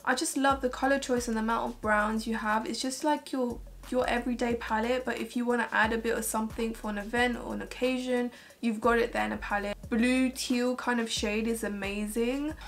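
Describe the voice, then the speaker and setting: Gushing woman reviewing makeup, slightly high voice. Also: fairly even intonation, fairly quick, few pauses. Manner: chatty and gushing, many filler "like"s. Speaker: beauty vlogger. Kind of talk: casual makeup review to camera.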